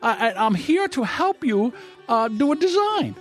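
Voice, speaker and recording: A man voicing a pushy male telemarketer who cold-calls with a halting, filler-laden sales pitch. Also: big pitch swings, soft background music, exaggerated voice.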